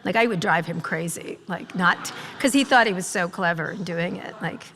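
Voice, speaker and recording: A woman's voice: fairly low pitch, a bit bright, a little hiss or hum. Sardonic, profane woman in a hall. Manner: sardonic, profane, mimics people in quick asides. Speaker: guest journalist at a live talk. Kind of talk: on-stage storytelling conversation. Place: live event hall with audience. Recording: long reverb of a large hall.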